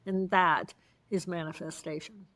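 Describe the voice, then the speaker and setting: A woman's voice: on the low side, unhurried. A woman, a guest expert, telling stories in an interview and playfully acting out the voices of people in them. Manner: acts out voices, playful, expressive. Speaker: guest neuroanatomist. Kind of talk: animated interview storytelling.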